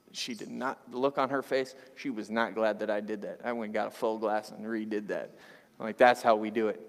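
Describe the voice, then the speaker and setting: Conversational preacher in a reverberant hall. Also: male voice, medium pitch. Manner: conversational, animated, jokes with the congregation. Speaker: pastor. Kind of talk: sermon.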